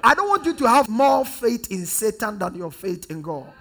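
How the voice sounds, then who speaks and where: A man from Ghana preaching a sermon, leading the congregation in call-and-response and swinging from loud declarations to hushed repetition. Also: sits high, big pitch swings, normal speed, vocal fry, faint music behind. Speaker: pastor.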